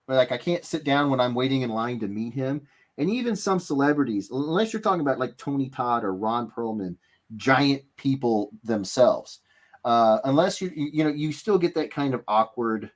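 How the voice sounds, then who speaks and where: Livestream host, man, casual rambling chat, very lively pitch. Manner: animated, rambling, with many fillers and restarts. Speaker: host of an art giveaway livestream.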